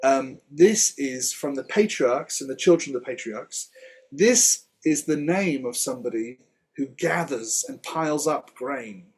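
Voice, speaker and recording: Husky man chatting through a Hebrew lesson. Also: medium pitch, expressive, a little slow, a little mellow. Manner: chatty, laughs often, explains word by word. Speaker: Hebrew teacher. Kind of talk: casual Torah study chat.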